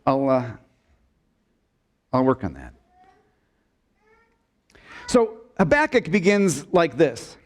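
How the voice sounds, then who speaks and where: A man preaching a sermon in a church sanctuary, his fairly high voice swinging widely as he stresses his points. He speaks slowly and deliberately, stopping to put questions to the congregation and inviting them to answer aloud. At key moments he drops to a low, quiet delivery. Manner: asks the congregation questions and prompts call-and-response; expressive preaching, dips low and soft for emphasis. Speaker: pastor.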